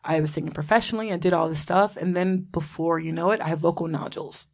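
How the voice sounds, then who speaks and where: A woman's voice: fairly low pitch, quick pace, vocal fry. A woman in her thirties from Florida, hosting a casual podcast chat, bubbly and laughing often, swearing freely. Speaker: podcast host.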